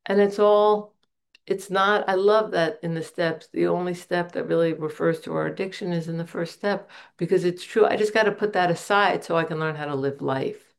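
A woman's voice: on the low side, fairly even intonation, moderate pace, creaky. A middle-aged woman giving a candid, earnest personal testimony at a recovery meeting, telling stories on herself with self-deprecating humor. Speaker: member sharing at a recovery meeting.

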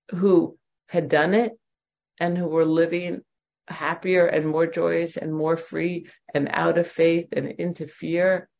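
A woman's voice: deep voice, creaky, a little mellow. A woman in her forties sharing a candid, emotional personal testimony with self-deprecating humor at a recovery meeting. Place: at home.

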